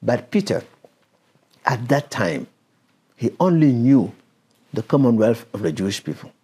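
Husky-voiced man teaching the Bible. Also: medium pitch, very animated, unhurried, warm tone. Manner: interrupts the reader to explain, asks questions. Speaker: preacher.

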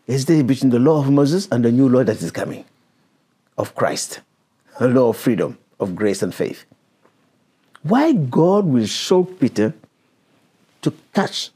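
A man's voice: mid-range voice, sing-song, a little slow, pauses often, dark tone, husky. A man preaching and teaching a Bible passage, stopping the reader to explain verses and question her.

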